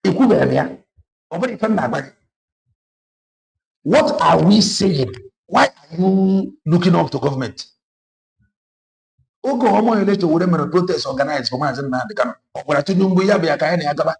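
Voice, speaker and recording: A man's voice: fairly high pitch, lively intonation, a little fast, creaky, pauses often. A man with a Nigerian Igbo accent giving an impassioned political monologue, moving between Igbo and English with emphatic repetition. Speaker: online political commentator.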